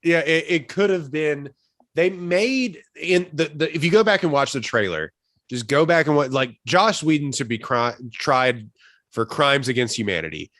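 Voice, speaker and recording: A man co-hosting a podcast in casual chat, animated and swearing, often breaking off mid-sentence. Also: fairly high pitch, normal speed, no echo. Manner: animated, swearing, self-interrupting. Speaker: podcast co-host.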